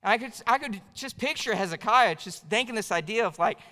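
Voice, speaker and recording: A man's voice: high-pitched, animated, fairly quick, few pauses, sharp tone. A young man preaching a sermon in a church, telling a self-mocking story in a casual, chatty way. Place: church sanctuary. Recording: long hall reverb.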